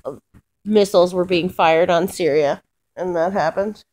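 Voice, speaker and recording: Her voice is fairly low, a little slow and somewhat dark in tone. The young vlogger vents to the camera about her week in an exasperated, meandering rant full of swearing and restarted sentences.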